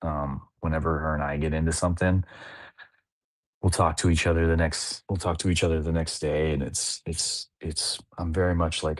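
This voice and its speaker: Deep-voiced guy in his 30s, dry close sound, just chatting and rambling with tons of "like"s. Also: steady tone, normal speed, no room sound. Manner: rambling, heavy use of "like" fillers. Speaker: podcast co-host, father. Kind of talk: casual chat.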